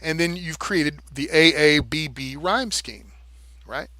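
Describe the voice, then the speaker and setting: A man's voice: fairly high pitch, slow pace, pushed and bright, no room sound. A man talking casually and animatedly on a livestream, swearing freely and tapping out rhythms with nonsense syllables. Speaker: live streamer.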